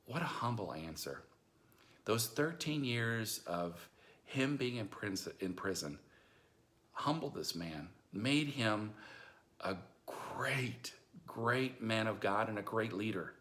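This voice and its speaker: A man with a somewhat low voice retells a Bible story in an easygoing, folksy way. He acts out the characters with casual modern slang, like a storyteller preacher. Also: lively intonation, slow, a bit bright.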